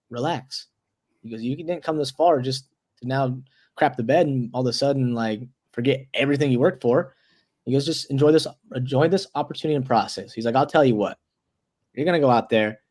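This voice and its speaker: A young man in his twenties tells a story as an interview guest. His voice sits at an ordinary middle pitch. He talks loosely, with lots of "like" and restarted words, and slips into the voices of the people he quotes. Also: darkish tone.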